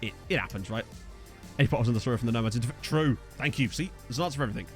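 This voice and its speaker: Racing along in a medium-pitched voice over soft background music, a weary man streams a game and chats loosely. He reads viewer comments, rambles, puts himself down, and fills his speech with fillers.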